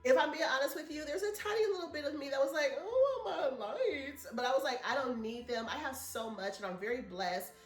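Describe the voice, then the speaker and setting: A woman's voice: sits high, fast, few pauses, roomy sound, soft background music. A woman vlogger, chatting casually and telling a rambling story to her viewers. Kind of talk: casual chat to camera.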